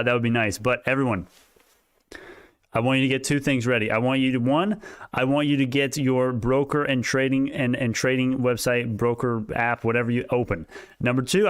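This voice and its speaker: Man, stock livestream host, excitable, restarts sentences, slightly breathless, smooth voice. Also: medium pitch, no room sound, studio quality. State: a little out of breath. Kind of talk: casual livestream talk.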